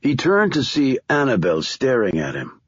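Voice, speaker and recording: A man narrating a thriller audiobook in a measured, expressive storytelling manner with a husky voice. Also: mid-range voice, dry recording, highs cut off.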